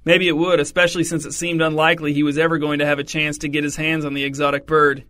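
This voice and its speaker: A man narrating a comic story in a wry, deadpan way. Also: fairly high pitch, quick pace. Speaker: audiobook narrator.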